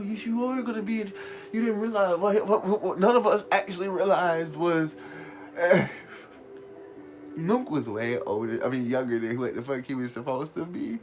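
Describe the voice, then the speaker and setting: A man with a slightly raised voice tells stories in a profane, animated rush. He hosts a live radio show and chats casually. Faint music plays behind him. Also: sits high, normal speed. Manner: profane, animated, laughing storytelling. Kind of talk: casual storytelling rant.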